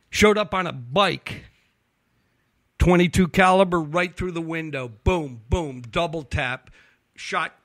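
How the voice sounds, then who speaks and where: Fast-talking, profane male storyteller. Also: a little high, dry recording, studio quality. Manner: animated, profane storyteller acting out quotes. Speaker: investigative reporter guest. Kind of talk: casual storytelling on a talk show.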